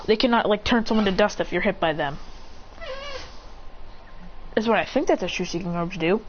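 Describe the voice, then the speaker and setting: Rambling woman improvising a fan story. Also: mid-range voice. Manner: rambling, makes it up on the spot with restarts. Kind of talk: improvised fan-fiction narration. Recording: slightly muffled with faint hiss.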